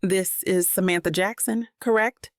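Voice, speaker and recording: A woman voicing a warm, upbeat male resort salesman calling on the phone in an audiobook. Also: mid-range voice, fairly even intonation, a little slow, no echo, studio quality, close to an everyday voice.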